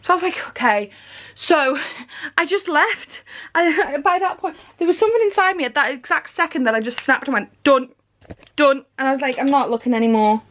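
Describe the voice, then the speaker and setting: Woman, 30s, vlogger, high voice, worn out and emotional, rambling delivery. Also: animated, fairly quick, a bit bright. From England. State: weary after crying. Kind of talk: personal vlog talk.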